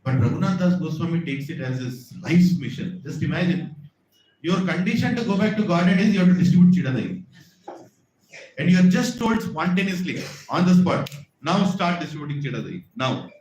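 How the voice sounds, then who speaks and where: A man's voice: sits high, lively intonation, brisk, darkish tone, a little hiss or hum. A man, a preacher telling a devotional story in a temple hall, acting out the voices and often asking "right?". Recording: echoey hall with faint ambience.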